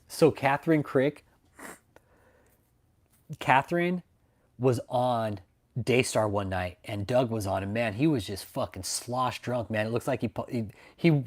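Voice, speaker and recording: Profane man mocking on a livestream. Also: mid-range voice. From Texas. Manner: profane, mocking, laughs often. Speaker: livestream host. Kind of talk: casual livestream chat.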